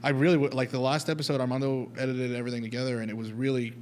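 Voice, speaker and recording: A man's voice: mid-range voice, racing, a little hiss or hum. A man in casual studio chat, telling road-trip stories with lots of acted-out quotes. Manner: animated storyteller, acts out quotes.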